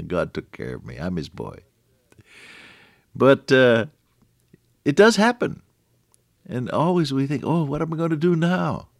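A man's voice: medium pitch, expressive, measured pace, creaky, long pauses, no room sound, clean studio sound. An older man giving a folksy, conversational devotional sermon, quoting Scripture between homey stories and restarting his sentences as he goes. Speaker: radio preacher.

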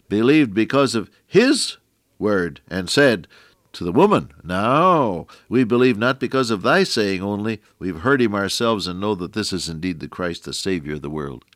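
A middle-aged man with a lowish voice delivers a folksy radio sermon, chatting with the listener between points of scripture. The sound is dry and close, with no room around it. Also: no room sound. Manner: folksy, preacherly, with asides to listeners. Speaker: radio preacher.

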